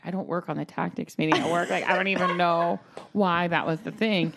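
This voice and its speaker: A woman's voice: on the low side, fairly quick, creaky, a little hiss or hum. A woman in her thirties talking casually with friends, telling stories with lots of laughter. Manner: laughing, animated storytelling. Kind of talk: casual chat among friends.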